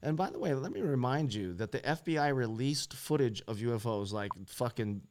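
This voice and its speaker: A man's voice: mid-range voice, lively intonation, a little fast, a little hiss or hum. A man co-hosting an online talk show in loose, joking chat, swearing freely and laughing often. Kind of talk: casual chat.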